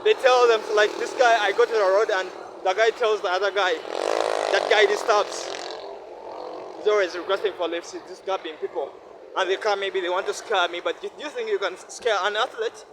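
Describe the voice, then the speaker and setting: A Ugandan man in his twenties vlogs outdoors beside a busy road, his fairly high voice riding over loud traffic noise. He speaks earnestly and repeats himself, often checking in with the listener. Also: normal speed. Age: 20s. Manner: earnest, repetitive, asks listener "no?". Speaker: vlogger. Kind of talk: casual vlog monologue.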